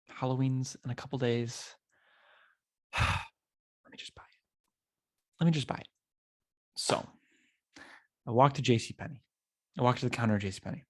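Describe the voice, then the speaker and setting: A young man hosting a podcast alone, telling a frustrating shopping story and acting out both sides of the talk. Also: mid-range voice. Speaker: podcast host. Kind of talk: solo storytelling chat.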